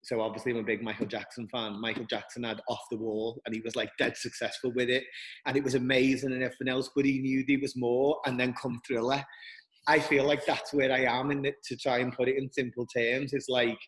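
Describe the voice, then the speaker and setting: A man speaking earnestly and haltingly as a guest, often restarting his sentences. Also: medium pitch, flat delivery, big-room sound, low-quality recording. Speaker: guest, dance school director. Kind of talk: reflective interview talk.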